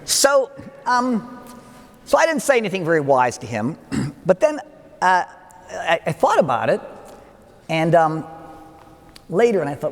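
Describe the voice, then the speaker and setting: An older man giving a wedding homily as a priest, telling a story with asides and gentle humor. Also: on the high side, sing-song, normal speed. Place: church. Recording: long church reverb.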